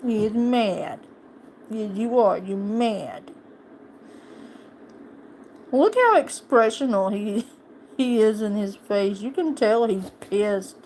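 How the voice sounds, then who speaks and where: A woman's voice: medium pitch, expressive, slow, long pauses, a little mellow, a little hiss or hum. A woman streamer chatting casually and playfully teasing her pet on a live stream.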